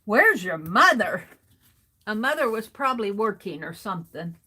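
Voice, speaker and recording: A woman's voice: mid-range voice, sing-song, normal speed, bright, forceful tone, husky. A woman hosting a crafting livestream, rambling through a casual story as she works and chuckling often between sentences. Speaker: art journaling livestream host.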